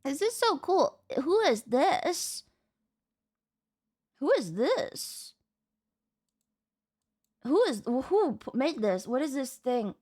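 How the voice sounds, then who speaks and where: Young woman, casual stream reaction, excitable, lively pitch, unhurried. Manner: excitable, swears, thinks aloud.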